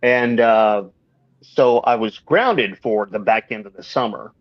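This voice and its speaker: A man's voice: lowish voice, measured pace, no echo, highs cut off. A man co-hosting a local live-stream show, telling stories in a rambling way with lots of fillers. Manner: rambling storyteller with many fillers. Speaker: radio co-host. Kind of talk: casual live-stream chat.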